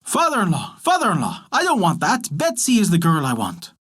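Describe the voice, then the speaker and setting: A man voicing a demanding, croaking male frog in a storybook tale, with whiny, insistent demands. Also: high voice, huge pitch swings, fairly quick, fairly bright tone, full character voice.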